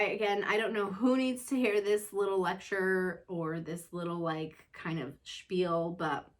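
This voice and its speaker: A woman's voice: lowish voice, a bit bright. A woman hosting a casual chat about motherhood, talking in an earnest, self-reflective way and often checking in with "you know.". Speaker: mother and show host.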